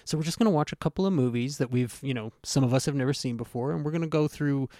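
A man hosting a podcast in casual chat, rambling and interrupting himself with lively asides. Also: medium pitch, quick pace, no room sound, studio quality. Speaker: podcast host.

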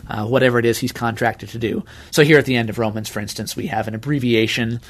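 A man of middle pitch speaks in an interview as an archivist. He explains steadily and carefully, with a measured, unhurried manner. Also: fairly even intonation.

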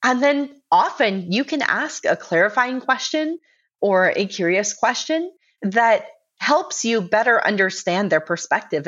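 A woman speaking as an interview guest, explaining in a measured, earnest way. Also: medium pitch, a bit bright. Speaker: guest, director of a civic organization. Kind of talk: interview conversation. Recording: dull lo-fi remote audio.

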